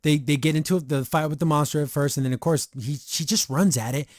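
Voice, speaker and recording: A man's voice: a little high, fairly quick, no room sound. Rambling male podcast host, dry sound. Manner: rambling, filler-heavy, excitable. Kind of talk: casual episode review.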